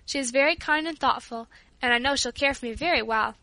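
A frail young invalid girl, humble and brave, speaking gently to her father, as a woman reads her. High, bright and close-miked. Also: brisk, dry recording. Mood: gentle.

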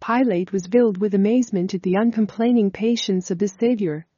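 A woman reading a religious text aloud as scripted narration, in a steady, measured way. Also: mid-range voice, husky, no room sound. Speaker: audiobook reader. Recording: dull, lo-fi dry recording.

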